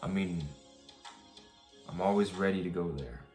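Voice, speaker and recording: A man's voice: low voice, a little slow, darkish tone, faint music behind. A young man telling a rambling, frustrated story about work in a casual vlog, with many restarts and some swearing. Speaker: vlogger.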